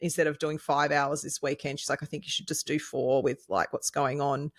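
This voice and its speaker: A woman in her thirties talks on a casual podcast. She rambles and gets excitable, piling up fillers and laughing often. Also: low voice, brisk. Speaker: podcast co-host, nutritionist. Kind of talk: casual chat.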